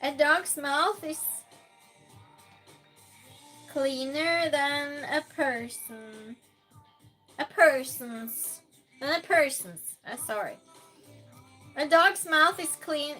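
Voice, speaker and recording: A woman hosting a quiz game on her live stream, reading chat messages aloud in a casual way, sometimes loud and sometimes dropping almost to a whisper. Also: high voice, faint music behind. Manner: reads chat aloud, slow and chatty, swings between loud outbursts and soft near-whispers.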